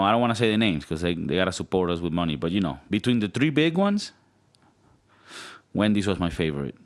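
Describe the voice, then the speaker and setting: A man from Venezuela, a podcast co-host, rambling and laughing in casual chat. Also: lowish voice.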